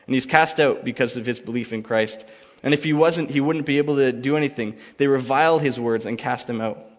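A man preaching a sermon, reading scripture and retelling it in a loose, conversational way. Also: mid-range voice. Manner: conversational, paraphrases dialogue casually. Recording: dull lo-fi sound with long reverb.

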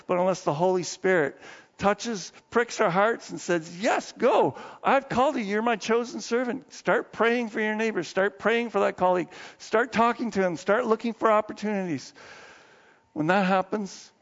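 A male pastor preaching a sermon in a conversational, animated way, dropping to low asides and then rising into excited bursts. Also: moderate pace. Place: church sanctuary. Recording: long hall reverb, dull muffled sound.

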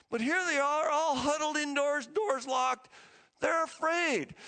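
A man preaching a sermon as pastor, telling stories with feeling, his voice climbing high and then dropping to a hush. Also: in a large hall. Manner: emotional storytelling, voice rising high and dropping low to a hush.

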